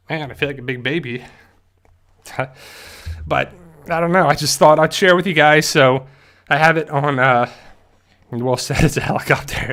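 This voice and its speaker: A man hosting a casual livestream, talking haltingly with many fillers and restarts and growing emotional at times. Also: medium pitch, a bit bright. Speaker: YouTube channel host.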